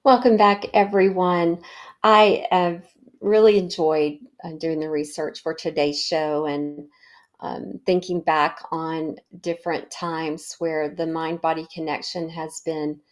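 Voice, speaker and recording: A middle-aged woman hosting a wellness show, telling a personal story in a warm, reflective way with fillers. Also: lowish voice. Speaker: podcast host.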